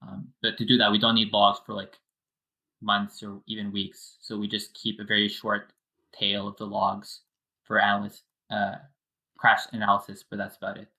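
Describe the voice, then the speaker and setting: Brief: male guest developer, bright and tense tone, lowish pitch, explains features step by step with frequent fillers. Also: monotone, normal speed, low-quality recording. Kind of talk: casual technical explanation.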